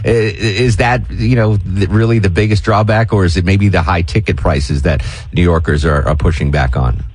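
A man's voice: sits low, normal speed, breathy edge, no echo. A man hosting a radio show, chatting casually and joking, putting on voices now and then. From New York. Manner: animated, jokey, mimics voices.

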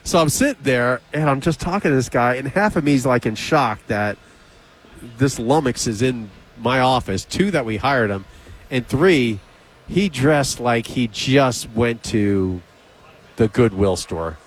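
Animated male radio host telling a story. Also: measured pace, poor audio. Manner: animated storyteller, acts out quotes with raised pitch. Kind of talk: casual radio banter, storytelling.

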